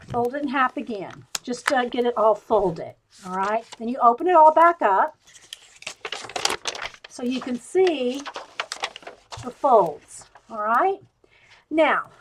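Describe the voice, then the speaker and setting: Chatty high-voiced woman live streaming. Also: a bit bright, a little hiss or hum. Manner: rambling, wanders off topic; chatty, talks straight to viewers. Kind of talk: casual show-and-tell live stream. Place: home craft table. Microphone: webcam at her table.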